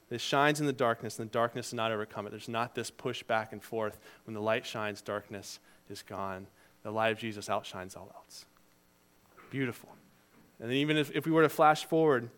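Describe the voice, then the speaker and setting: A man preaching a sermon in a conversational, storytelling way, moving between loud emphasis and quiet asides. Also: mid-range voice. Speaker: preacher and teacher.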